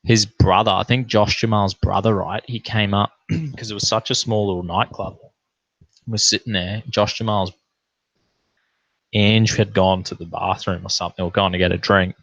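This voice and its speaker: A pastor telling a profane, animated anecdote in a casual way. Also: male voice, lowish voice, normal speed, dry recording, dull audio. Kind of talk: casual storytelling.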